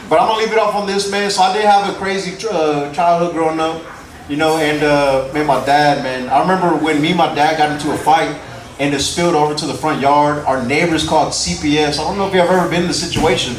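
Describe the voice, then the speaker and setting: Onstage at a comedy club in front of a live audience, a young Houston, Texas man talks fast in a fairly high, fairly even voice, keeping his stand-up loose and chatty and cracking up at his own jokes. The roomy recording, made from a distance, picks up the crowd noise.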